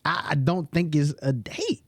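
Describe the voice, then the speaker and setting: A man's voice: a little high, very animated, unhurried, no room sound, clean studio sound. A man co-hosting a casual talk show who laughs often and hedges, repeating himself. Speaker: podcast co-host. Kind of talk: casual chat.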